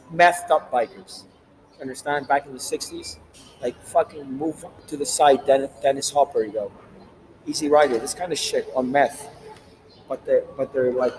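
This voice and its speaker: A man delivering a rambling, profane, animated monologue as the host of his own channel. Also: medium pitch, slight background noise, low-quality recording. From Latin America.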